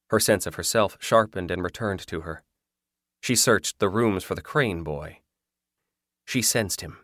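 Deep, slow male storyteller. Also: fairly bright tone, no echo, studio quality. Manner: measured, dramatic storytelling. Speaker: audiobook narrator. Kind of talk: scripted narration.

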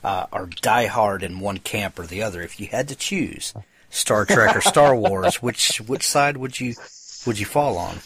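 A male podcast host with a low, husky voice, chatting eagerly with a guest and scattering fillers through his questions. The sound is dry and close. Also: a little slow, a bit bright, dry recording. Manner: enthusiastic, filler-heavy. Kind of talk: casual interview chat.

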